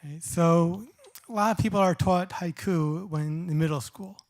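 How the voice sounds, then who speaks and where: A middle-aged man giving a poetry reading at a live event, reading short poems and explaining them in a casual, halting way. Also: on the high side. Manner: halting, many restarts and fillers when explaining.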